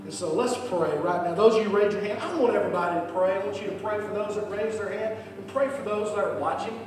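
High-voiced pastor in an echoey hall. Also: male voice, fast talker, over music. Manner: impassioned, rising to near-shouts then dropping soft for prayer. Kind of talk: sermon altar call. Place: church sanctuary. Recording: echoey church hall from far off, noisy.

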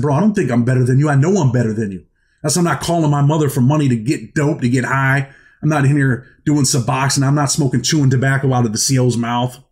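A man from New York talks straight to his audience in a loose, slangy storytelling monologue. He drops into the voices of the people he quotes, and his voice sits at an ordinary mid pitch. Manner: street slang, animated, acts out quotes. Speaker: host telling his prison stories.

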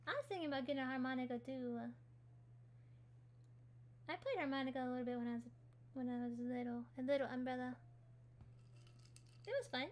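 A woman's voice: high-pitched, brisk, pauses often, a little mellow. A woman hosting a casual gaming livestream, chatty and giggly, answering her chat while she builds. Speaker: livestream host.

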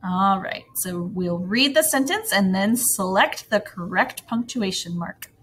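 Slow, breathy first grade teacher woman. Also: expressive, a bit bright. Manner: slow, sing-song teacher voice with playful pitch jumps. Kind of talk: recorded grammar lesson for young children.

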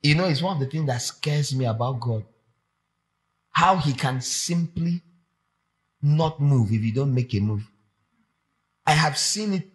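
A man preaching a sermon, animated and emphatic, repeating phrases for effect. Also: medium pitch, a little slow, pauses often.

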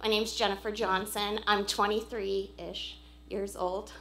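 A woman in her forties stands before a church congregation and talks in an earnest, heartfelt way, with frequent "um" pauses. Her voice sits at a middle pitch for a woman. The church room adds a clear echo. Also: flat delivery. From Pennsylvania. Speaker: visiting churchgoer addressing the congregation. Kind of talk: informal church speech. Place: church sanctuary.

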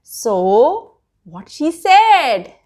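A woman telling a story to children, slow and animated, speaking straight to the listening child. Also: high-pitched.

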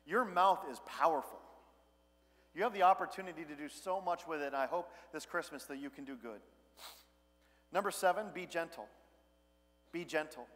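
A man's voice: a little high, fairly quick, fairly bright tone. A man in his thirties, a pastor giving a conversational sermon with personal stories and self-deprecating humor. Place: large church sanctuary. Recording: long church hall reverb.

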